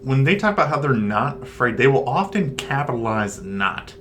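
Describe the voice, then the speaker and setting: A man co-hosting a paranormal discussion show, chatty and quick in places. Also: medium pitch, big pitch swings, fairly bright tone, a little hiss or hum. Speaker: paranormal podcast co-host. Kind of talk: casual discussion.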